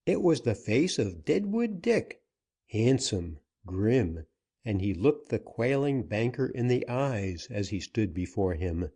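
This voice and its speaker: Slow, mellow-voiced male audiobook narrator. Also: fairly low pitch. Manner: steady, unhurried reading.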